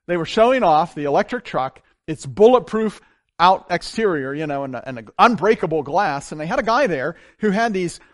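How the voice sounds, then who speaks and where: A man preaching a sermon as pastor, telling stories with big swings from loud to hushed. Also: a little high, no echo, studio quality. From grew up on a farm. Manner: animated storytelling with wide swings in loudness.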